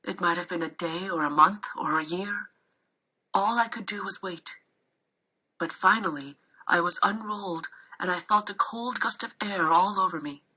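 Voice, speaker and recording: A woman narrating a children's novel aloud in a steady storytelling way. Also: on the low side, normal speed, husky, rough recording. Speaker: reader.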